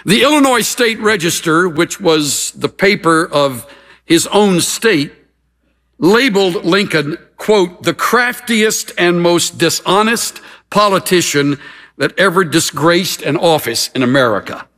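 Slow, emphatic preacher in a hall. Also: male voice, high voice, lively intonation, a bit bright. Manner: measured, emphatic preaching with dramatic pauses. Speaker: pastor. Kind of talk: sermon.

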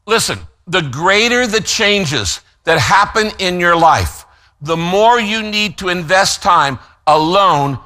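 Bright, high-voiced male pastor preaching. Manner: emphatic, slows down to stress key phrases; gives note-taking instructions to listeners. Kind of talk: sermon.

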